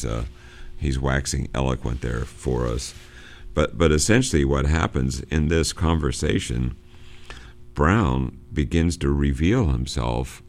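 A middle-aged man giving an informal lecture on a novel as a literature teacher, halting, with many fillers and restarts. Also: rumbling low.

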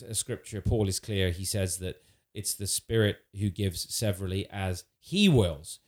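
Man, low voice, earnest, thoughtful, restarts often, conversational. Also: darkish tone. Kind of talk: conversational theological discussion.

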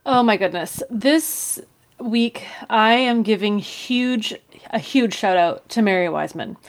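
Woman podcast co-host, kinda high voice, gushy and swears a bit. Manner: gushing, emphatic, swears casually. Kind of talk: casual podcast chat.

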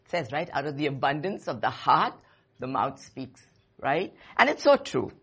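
A woman in her fifties gives a sermon in church, her voice low and husky. She talks to the congregation in a personal, conversational way and repeats short phrases with emphasis. Her tone stays earnest and direct. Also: very animated, normal speed, fairly bright tone. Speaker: church speaker.

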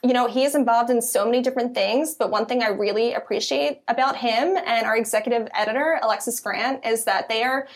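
A woman's voice: on the high side, brisk, few pauses. A young woman with a Philadelphia accent, chatting in an interview as a guest, filling her talk with ums and you-knows. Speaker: guest, content editor. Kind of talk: casual interview conversation.

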